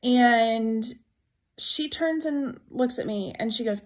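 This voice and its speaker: A woman's voice: a little high, slow. A young woman telling a true ghost story to camera in a casual, emotional, rambling way, full of "like" and restarts. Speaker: TikTok storyteller.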